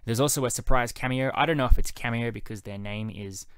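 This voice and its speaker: A man giving a solo spoken film review on a podcast, wry and measured in a conversational way. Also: mid-range voice, clear, resonant tone, no echo.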